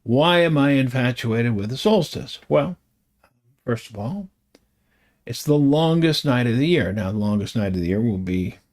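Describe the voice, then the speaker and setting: An older man talking to his camera at home in a chatty, meandering, self-deprecating way, with chuckling asides. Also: mid-range voice. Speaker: vlogger. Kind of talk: rambling casual monologue.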